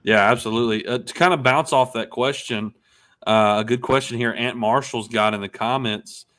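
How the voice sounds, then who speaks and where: A man's voice: medium pitch, moderate pace, a bit bright. A man co-hosting an interview show, friendly and upbeat, with lots of fillers. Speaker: podcast co-host. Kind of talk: casual interview chat.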